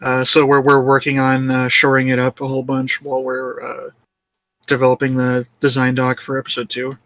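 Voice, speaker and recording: A man's voice: medium pitch, monotone, normal speed, a bit bright, no echo. A man who leads a small game studio, chatting casually in an interview, jokey and self-deprecating with frequent laughs. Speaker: lead game developer.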